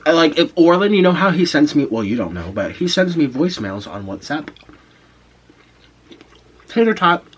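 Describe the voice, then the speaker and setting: A man in his twenties telling a casual story on camera while he eats, pausing to savour his food. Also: a little high, breathy edge. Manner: animated storyteller, pauses to eat and savour food. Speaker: mukbang vlogger.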